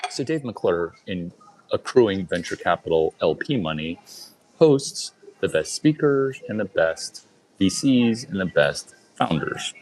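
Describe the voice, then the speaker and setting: Guy with a deep voice telling a story fast, keeps repeating himself and quizzing the crowd, faint hum behind. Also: sing-song, a little mellow, rough recording. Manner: rapid-fire, repeats lines, fires rhetorical questions at listeners. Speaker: storyteller speaking to a group. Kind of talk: casual anecdotal storytelling.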